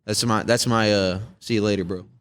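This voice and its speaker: A man chatting casually with friends, explaining himself in a quick, offhand way. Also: fairly low pitch, fairly even intonation, fairly bright tone. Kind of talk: casual chat. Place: outdoors at a park.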